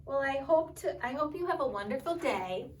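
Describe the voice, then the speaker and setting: A woman librarian at storytime, gently reading a picture book and asking the children questions. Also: high voice, animated, normal speed, far from the mic, a little hiss or hum.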